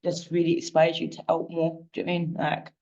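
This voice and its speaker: Fast-talking woman, lots of fillers. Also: low-pitched, monotone, mellow, highs cut off. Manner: fast, filler-heavy with frequent "do you know what I mean". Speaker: parent advocate. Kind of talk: casual chat on a panel.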